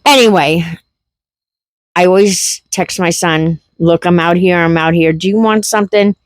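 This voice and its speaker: A woman's voice: fairly low pitch, moderate pace, no room sound. A middle-aged woman telling a funny story in a casual vlog, laughing through it and repeating herself. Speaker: homestead vlogger.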